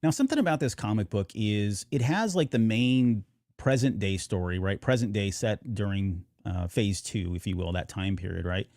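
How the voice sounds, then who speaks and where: A man co-hosting a podcast chats casually, rambling with lots of fillers and restarts. His lowish, slightly mellow voice moves at a moderate pace, with clean studio sound and no room sound.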